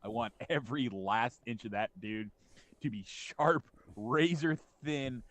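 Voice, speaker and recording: A man's voice: medium pitch, unhurried, a bit bright, dry recording. A man co-hosts a live podcast with a mid-range voice, recorded dry and close. He rants emphatically and swears freely. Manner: profane, emphatic ranting. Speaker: podcast co-host. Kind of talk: casual live-stream chat.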